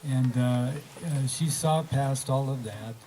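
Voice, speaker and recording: A man hosting a community graduation gathering, talking loosely with many pauses and fillers. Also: mid-range voice, mellow, a little hiss or hum, poor audio. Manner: hesitant, many fillers, offhand. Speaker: event host. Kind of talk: casual emcee talk.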